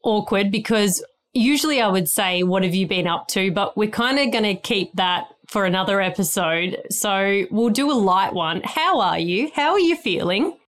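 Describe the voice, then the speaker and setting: A woman's voice: mid-range voice, expressive, normal speed. A woman, co-hosting a podcast in casual, teasing chat. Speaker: podcast co-host.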